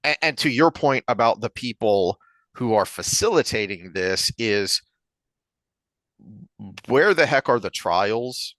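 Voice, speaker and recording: A man's voice: medium pitch, takes it slowly, dry recording. A man co-hosting a podcast, telling anecdotes in a casual opinionated chat and acting out the characters. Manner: animated storyteller, acts out joke characters. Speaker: podcast co-host.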